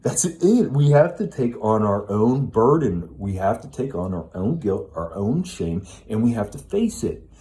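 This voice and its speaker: A man's voice: lowish voice, big pitch swings, measured pace, warm tone. Blunt, swearing middle-aged man. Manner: blunt, swears often, preachy. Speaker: self-help speaker. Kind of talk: casual monologue.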